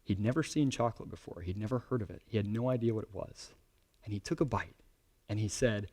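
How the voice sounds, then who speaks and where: A man in his thirties giving a conference talk to a young audience, conversational and animated, often checking in with "right?". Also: lowish voice, fast talker. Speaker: conference speaker.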